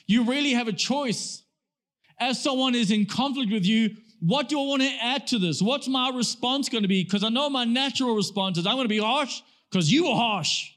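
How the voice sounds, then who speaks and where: High-voiced man preaching conversationally. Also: a bit bright. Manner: conversational preaching, rhetorical questions; acts out quoted comebacks. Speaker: pastor. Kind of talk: sermon.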